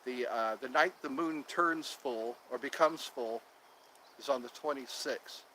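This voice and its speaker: A livestream host outside in the cold talks to viewers on his phone in a mid-range, bright, forceful voice at a measured pace. He rambles and repeats himself casually, and the poor recording carries slight background noise.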